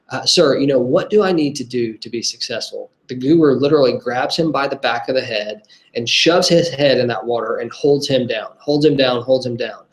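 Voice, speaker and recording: Guy coaching network marketing, pumped up and repeating himself, echoey room. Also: medium pitch. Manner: emphatic, repetitive, with fillers. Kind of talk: motivational lesson. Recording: roomy echo.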